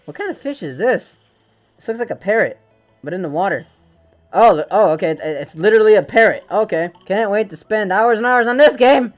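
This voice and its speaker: Excitable joking man, high voice. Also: fairly quick, faint music behind. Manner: excitable, joking, swears often. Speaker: gaming channel host. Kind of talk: VR game commentary. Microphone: VR headset gameplay capture.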